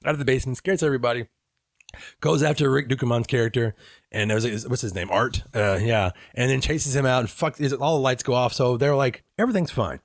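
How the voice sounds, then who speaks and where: A man's voice: medium pitch, steady tone, a little fast, no room sound, studio quality. A man co-hosting a horror movie podcast, chatting casually and profanely, acting out lines from the films. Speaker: podcast co-host. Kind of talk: casual chat.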